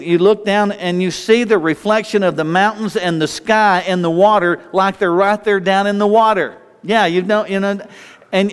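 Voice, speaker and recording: A man's voice: sits high, clear, resonant tone. A man preaching an informal sermon in a rambling, repetitive way, often restarting his sentences. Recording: long hall reverb.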